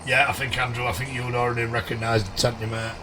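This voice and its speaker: A man live-streaming a game, greeting viewers by name in a chummy way, his voice going a little hoarse. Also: medium pitch, flat delivery, fast talker, far from the mic, background noise.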